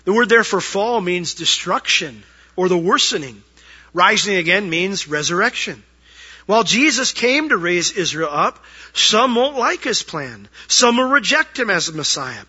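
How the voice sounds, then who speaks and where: A male pastor with a high, sharp, husky voice preaches in an easy conversational way, slipping into little acted bits to make his point. The recording sounds dull and lo-fi. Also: lively intonation, normal speed. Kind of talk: sermon.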